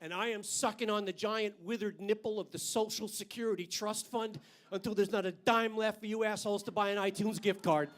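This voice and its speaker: A man's voice: high-pitched, fairly even intonation, brisk, few pauses, slight background noise. An older man doing a stand-up comedy routine on a club stage with a handheld mic, brash and profane, landing punchlines hard.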